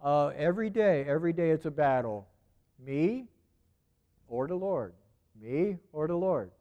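A man preaches in a loose, conversational way. He repeats his phrases and keeps asking rhetorical questions. His voice sits a little higher than most men's. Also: animated, a little slow, dull audio. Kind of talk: sermon.

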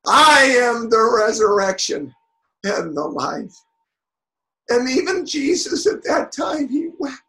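A man preaching a sermon, building to shouted peaks and then dropping quiet, with halting restarts. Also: fairly high pitch, poor audio.

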